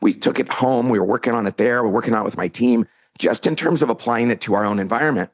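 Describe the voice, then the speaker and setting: A middle-aged man with a husky, slightly breathy voice, telling a story as a podcast guest. He talks animatedly and acts out the lines he quotes. His voice sits in an ordinary male pitch range. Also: fast talker. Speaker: podcast guest, author and CEO. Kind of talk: storytelling in a casual interview.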